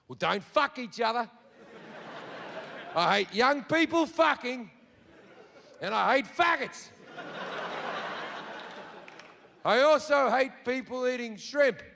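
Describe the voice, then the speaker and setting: A man voicing a petty, hateful, foul-mouthed male God who rants and shouts. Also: very high-pitched, creaky, big-room sound, slight background noise, pitched above the performer's own voice, heavily acted. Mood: ranting. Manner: ranting, shouting and swearing.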